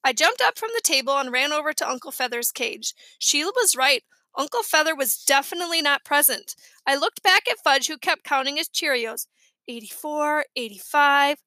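A woman narrating a children's chapter book in a clear, lively way. Her voice is high and bright. The recording is close and dry. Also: a little fast, no echo, rough recording. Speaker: audiobook reader.

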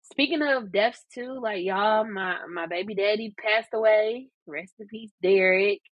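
A woman's voice: mid-range voice, measured pace, dry recording, highs cut off. A woman co-hosting a podcast, telling personal stories in a candid, heartfelt casual chat, full of fillers like "um" and "like". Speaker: podcast co-host.

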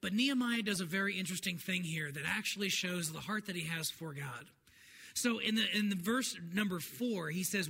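A man's voice: sits high, moderate pace, pushed and bright, breathy edge. A man, a pastor, preaching a sermon to his congregation in an earnest, conversational way. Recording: long hall reverb, faint noise.

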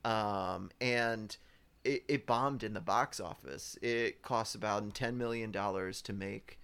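Man, podcast co-host, gravelly fry, halting delivery with lots of ums. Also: fairly low pitch, fairly bright tone. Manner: hesitant, many ums, looks things up. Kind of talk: casual film review chat.

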